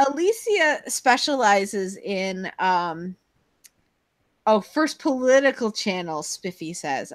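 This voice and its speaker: A woman's voice: fairly high pitch, no room sound. A woman hosting a casual live stream chat, rambling and giggly as she jumps between topics, heard over a video call.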